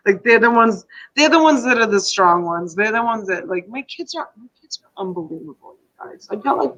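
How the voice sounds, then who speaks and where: A woman's voice: mid-range voice, a bit bright, low-quality recording. A woman hosting a casual live stream, emotional and tearful, rambling and reading out viewer comments.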